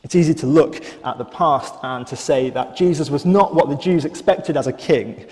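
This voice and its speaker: A man preaching a sermon in a church, thoughtful and measured, with some fillers and restarts. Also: on the high side, a little mellow, big-room sound.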